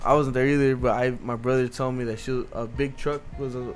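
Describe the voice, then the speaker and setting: A young man telling stories in casual podcast chat, loose and profane. His voice sits at an ordinary pitch. Faint music runs behind him. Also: flat delivery, a little fast. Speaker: podcast co-host.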